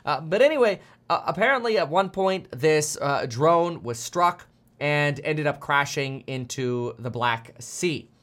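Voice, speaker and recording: A man's voice: a little high, lively intonation, measured pace, fairly bright tone. Chatty man hosting a market show. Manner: chatty, jokey asides, frequent filler. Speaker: host. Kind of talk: casual market commentary livestream.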